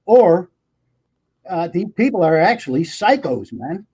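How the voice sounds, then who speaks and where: High-voiced man, emphatic and agreeing. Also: very animated, unhurried, darkish tone, husky. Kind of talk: casual group chat reacting to a livestream.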